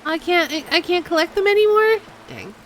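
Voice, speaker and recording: A woman's voice: very high voice, big pitch swings, a little fast, fairly bright tone, a little hiss or hum. A young woman streaming a game, playful and chatty, reading the text aloud and commenting as she goes. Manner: playful, chatty, laughs often. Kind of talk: game let's play with read-aloud narration.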